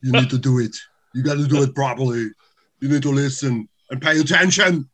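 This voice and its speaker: A man doing a gruff Austrian-accented action hero. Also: medium pitch, fairly even intonation, brisk, a bit bright. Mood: bossy. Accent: Austrian, as put on. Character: gruff muscle-bound male action hero. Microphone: video call.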